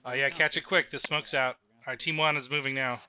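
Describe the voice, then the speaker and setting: A man leading a fire team on a live stream, giving brisk clipped radio commands and swearing under stress. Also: mid-range voice, steady tone, pushed and bright, dull audio.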